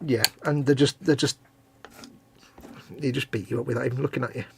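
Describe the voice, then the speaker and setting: A man's voice: mid-range voice, steady tone, a little fast, creaky, a little mellow, slight background noise. A middle-aged man co-hosting a live hobby stream, chatting casually and teasing while he builds models. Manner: jokey, rambling, teasing.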